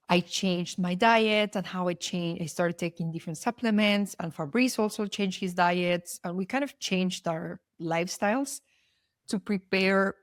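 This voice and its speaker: A woman's voice: lowish voice, dry recording, studio quality. A young adult woman hosting a personal podcast, talking in an earnest, heartfelt way with loose, rambling sentences and frequent restarts. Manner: earnest and heartfelt, openly spiritual. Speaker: podcast host.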